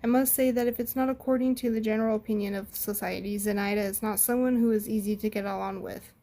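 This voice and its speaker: A woman voicing a sneering man who acts as game master in a story, speaking slowly and deliberately. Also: mid-range voice, steady tone, dark tone, natural voice. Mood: grave.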